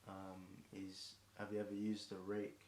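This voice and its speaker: An unhurried young English streamer improvises rhymes during a marathon song, his low voice flat and a bit worn. He rambles, self-corrects and restarts, umming often, as his voice turns hoarse. He's in an echoey room with faint hiss in the background.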